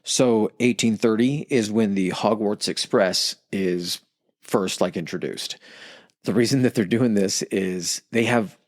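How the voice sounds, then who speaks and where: A man's voice: fairly low pitch, unhurried, no room sound, studio quality. Casual, profane podcast man. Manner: rambling, profane, acts out quoted characters. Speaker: podcast co-host explaining history.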